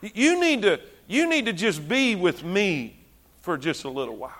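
A calm, commanding God speaks in a hushed, unhurried way, as a male preacher acts him out. The voice is gentle yet firm, dropping low and soft. It still has a bright, clear edge. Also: full character voice. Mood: gently commanding.

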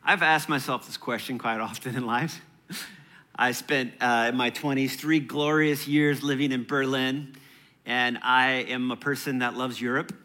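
A man's voice: medium pitch, fairly even intonation, measured pace, pushed and bright. A man in his thirties preaching a sermon in a church, conversational and playful, with chatty asides. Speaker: pastor.

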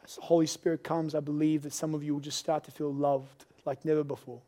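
Earnest pastor preaching. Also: male voice, on the high side, little pitch movement, quick pace. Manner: earnest, confessional, swings to loud pleading. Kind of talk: sermon. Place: church service.

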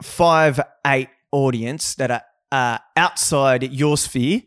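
A man's voice: medium pitch, takes it slowly, a bit bright, clear, resonant tone, dry recording, clean studio sound. A man co-hosting a podcast, chatting loosely with laughter and swearing. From Australia. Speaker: podcast co-host. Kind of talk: casual podcast chat.

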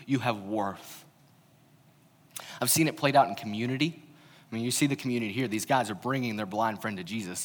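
A man's voice: on the low side, fairly bright tone. Young male pastor preaching in a reverberant hall. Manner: candid, conversational, acts out quoted voices. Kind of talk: sermon. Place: church hall.

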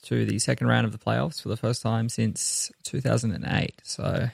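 Gravelly-voiced man co-hosting a podcast. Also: mid-range voice, flat delivery, no echo, studio quality. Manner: easygoing, halting, with frequent restarts. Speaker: podcast co-host. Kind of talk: casual podcast chat.

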